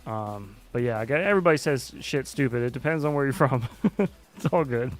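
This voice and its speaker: A man's voice: mid-range voice, lively intonation, brisk, faint music behind. A man hosting a livestream, chatting loosely and rambling while he flies a drone simulator, swearing often. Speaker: livestream host. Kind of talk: casual chat while flying a drone simulator.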